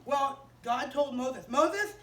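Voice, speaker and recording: Animated woman teaching children, high voice. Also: a little slow, distant mic, a little hiss or hum. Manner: animated, asks the children questions. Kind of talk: Bible story for children. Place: chapel. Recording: roomy chapel, voice off-mic.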